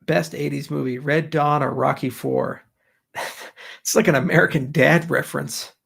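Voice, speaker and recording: A man's voice: fairly high pitch, fairly even intonation, moderate pace, vocal fry, a bit bright, slightly rough. A man hosting a casual live question session, answering with wry, offhand jokes. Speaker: host answering audience questions.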